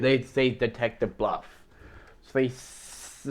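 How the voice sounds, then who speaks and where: Male map narrator, lowish voice, loose and joking, keeps asking "right?". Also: measured pace, clean tone. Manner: jokey, rambling, tags lines with "right?" and "boom". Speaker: mapping channel narrator. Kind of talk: casual alternate-history map narration.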